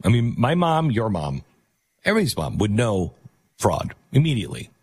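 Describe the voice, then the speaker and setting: A man's voice: fairly low pitch, very animated, moderate pace, a little mellow, slightly rough, no room sound. A man hosting a talk radio show, delivering a sarcastic, rambling monologue.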